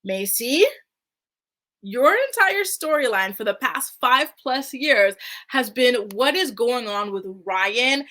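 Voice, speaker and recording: A woman's voice: a little high, lively intonation, slow, sharp tone. A woman hosting a reality TV recap, chatting casually in a sassy way and saying "like" a lot. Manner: sassy, chatty, heavy use of "like". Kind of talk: casual commentary.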